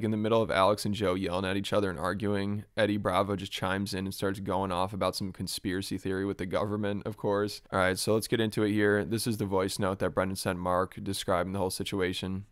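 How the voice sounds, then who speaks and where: Low flat-voiced male commentator. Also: clean tone, dry recording, studio quality. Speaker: YouTube commentator. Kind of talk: scripted commentary.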